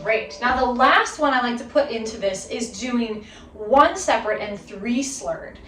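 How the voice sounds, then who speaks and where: A woman's voice: fairly high pitch, measured pace, far from the mic, loud music behind the voice. Upbeat woman teaching fiddle, roomy sound. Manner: upbeat, encouraging, counts in the student. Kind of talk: instructional video lesson. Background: her violin playing between phrases.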